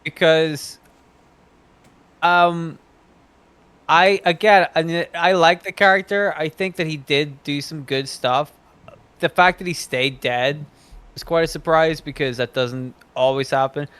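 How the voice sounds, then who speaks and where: A man's voice: fairly high pitch, fairly even intonation, takes it slowly, a bit bright, clear, resonant tone. A man from Ireland, co-hosting a podcast and weighing his opinions carefully, with many fillers. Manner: thoughtful, hedging, with many fillers. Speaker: podcast co-host. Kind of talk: casual comic-book ranking chat.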